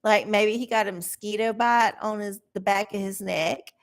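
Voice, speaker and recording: A woman's voice: medium pitch, fairly even intonation, normal speed, vocal fry. A middle-aged woman reading oracle answers on a live stream, rambling, swearing and sarcastic. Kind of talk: casual live-stream chat.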